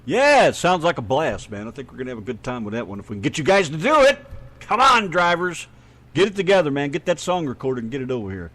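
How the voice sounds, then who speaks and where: A man's voice: a little high, very animated, fast, a bit bright. A man hosting a radio show in casual chat, laid-back and folksy, often calling listeners "man".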